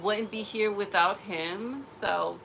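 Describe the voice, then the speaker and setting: A woman's voice: mid-range voice, steady tone, takes it slowly, creaky, fairly bright tone, a little hiss or hum, low-quality recording. A woman in a casual personal vlog, rambling emotionally and often restarting her sentences. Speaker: vlogger.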